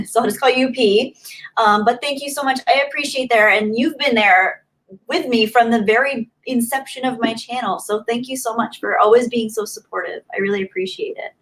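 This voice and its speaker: A woman's voice: fairly high pitch, normal speed, fairly bright tone. A woman hosting a casual livestream, chatting and laughing as she reads viewer comments aloud. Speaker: livestream host. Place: home in Southern California.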